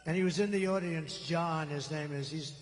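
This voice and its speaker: A man's voice: fairly high pitch, moderate pace, in a large hall, slight background noise, poor audio. Older man rambling at a rally. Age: 70s. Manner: rambling, off-the-cuff, boastful. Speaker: political candidate. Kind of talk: campaign rally speech. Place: large rally venue. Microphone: stage microphone.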